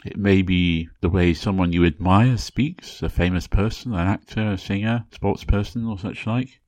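A man from England speaking with a Received Pronunciation accent, giving a measured, clearly enunciated educational talk as a podcast host. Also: deep voice, a little mellow, dry recording. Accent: English Received Pronunciation.

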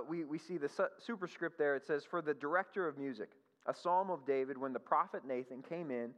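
A male pastor giving a conversational sermon, animated and asking the congregation questions. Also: a little high. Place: church hall. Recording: dull lo-fi sound with long hall reverb.

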